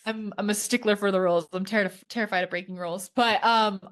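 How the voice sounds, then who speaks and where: A woman co-hosting a podcast, telling stories in a lively, chatty way with lots of fillers. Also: medium pitch, fast talker. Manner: animated storyteller, lots of fillers. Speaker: podcast co-host. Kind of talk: casual chat.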